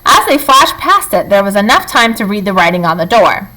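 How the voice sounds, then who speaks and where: A woman reading a children's book aloud in an expressive, lively storytelling manner. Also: mid-range voice, brisk, poor audio.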